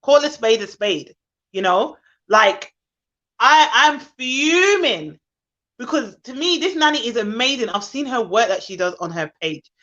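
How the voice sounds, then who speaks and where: A woman's voice: fairly high pitch, lively intonation, normal speed, fairly bright tone, muffled recording. A woman with a Jamaican accent hosting a casual chat about nanny work, talking with fired-up indignation. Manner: impassioned, indignant. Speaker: nanny podcast host.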